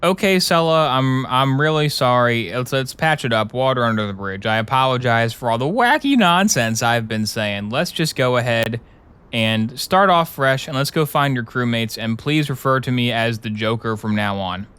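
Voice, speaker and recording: A man streaming a game live, trolling in a deadpan way with absurd repeated jokes. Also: medium pitch, normal speed, clean tone. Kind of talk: casual live game commentary.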